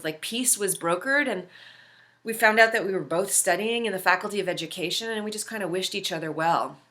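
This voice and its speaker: Bright-voiced woman telling a personal story. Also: mid-range voice. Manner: conversational, heavy use of filler words; earnest, reflective. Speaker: host.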